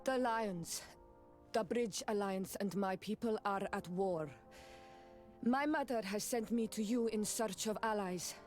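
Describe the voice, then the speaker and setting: A woman's voice: mid-range voice, measured pace, darkish tone, soft background music, natural voice. Siora, a woman doing a grave clanswoman. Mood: earnest. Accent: affected, rolled Rs, throaty. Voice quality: guttural consonants. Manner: grave, formal. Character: young native clanswoman envoy, earnest. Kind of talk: video game dialogue.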